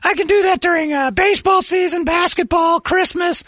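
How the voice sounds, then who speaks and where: A high-pitched, bright-voiced football nut, played by a man, who rambles and shouts crude jokes. His voice swoops up and down with a gravelly edge. The sound is close and dry. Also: moderate pace, no room sound. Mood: gleeful. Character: excitable middle-aged male football superfan. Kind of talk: sketch comedy character.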